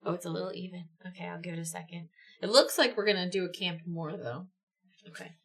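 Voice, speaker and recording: A woman's voice: lowish voice, quick pace, gravelly. A woman reading a choose-your-own-adventure book on a livestream, with chatty, giggly asides. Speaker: livestream reader.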